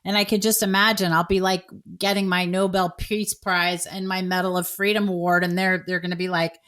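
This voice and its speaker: Middle-aged woman podcast host, chatty and playful, quiet mutters then big high bursts, casual chat. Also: little pitch movement, a little fast. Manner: chatty and playful, swings between low mutters and high exclamations.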